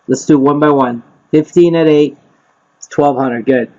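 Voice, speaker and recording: Male instructor, slightly high voice, quizzing a class, dull lo-fi recording. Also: a little slow, darkish tone. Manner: quizzes the group, repeats himself, frequent "right?" and "okay?". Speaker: real estate investing instructor. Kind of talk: live teaching session. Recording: dull lo-fi sound.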